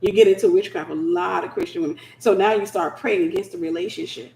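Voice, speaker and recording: A woman teaching in a conversational, animated preaching style, acting out scenes as she goes. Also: on the low side, quick pace, vocal fry, hardly any pauses. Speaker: Christian teacher. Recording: roomy echo.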